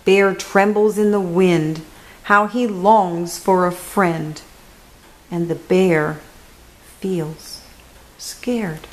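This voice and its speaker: A woman reading a children's picture book aloud, slow and expressive, dropping to a hush on key words. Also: on the low side, slight background noise, poor audio.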